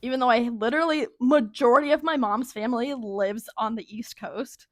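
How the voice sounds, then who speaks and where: A woman's voice: a little high, a little fast, no echo, studio quality. A young woman co-hosting a casual chat, talkative and laughing often. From Minnesota, USA. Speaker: podcast co-host.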